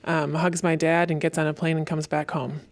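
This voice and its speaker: A woman assistant coach talking warmly and loosely about her head coach, with plenty of fillers. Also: low-pitched, flat delivery, normal speed, no echo. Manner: heartfelt, rambling with fillers. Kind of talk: casual chat.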